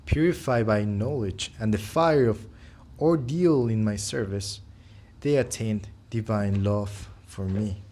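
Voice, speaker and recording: A man reading scripture verses aloud in a slow, measured way to a study group. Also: on the low side, mellow, a little hiss or hum. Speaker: reader.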